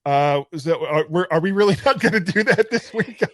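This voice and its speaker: A man's voice: a little high, lively intonation, fairly quick, no echo, studio quality. A middle-aged man hosting a casual podcast chat, joking, laughing often and stumbling over his words. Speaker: podcast host.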